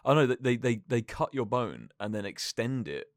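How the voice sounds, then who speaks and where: A young man co-hosting a casual podcast, animated and self-mocking as he tells stories. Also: medium pitch, normal speed, no echo, clean studio sound. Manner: animated, self-mocking, does silly voices. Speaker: podcast co-host. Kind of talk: casual chat.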